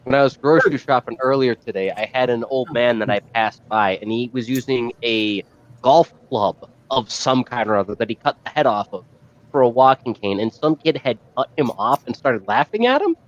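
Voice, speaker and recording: A man's voice: medium pitch, expressive, moderate pace, dull audio. A man telling loose, laughing anecdotes as a guest on a casual stream. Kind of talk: casual profane chat.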